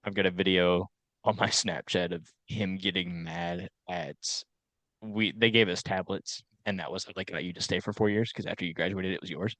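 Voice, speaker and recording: Co-hosting a laid-back chat podcast, this young South Carolina man talks at a normal speed in a low voice, recorded without any room sound. He rambles through his stories, laughing frequently and telling them with lots of animation.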